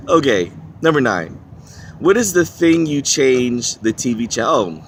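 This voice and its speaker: A man's voice: mid-range voice, very animated, unhurried, a little hiss or hum. A man with a Washington DC accent, rambling and searching for words as he talks through an accent-challenge vlog. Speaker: vlogger.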